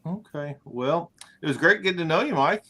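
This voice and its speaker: A man's voice: on the high side, animated, bright, forceful tone, slightly rough. A man who co-hosts a cruise channel, speaking as a guest in casual chat and stopping and restarting his sentences often. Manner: halting, full of restarts.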